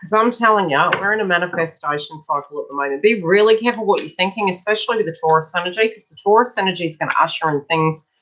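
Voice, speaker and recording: A woman with a lowish voice talks fast with few pauses against a noisy background, giving a casual, chatty live tarot reading. This psychic tarot reader keeps breaking off to speak with people nearby.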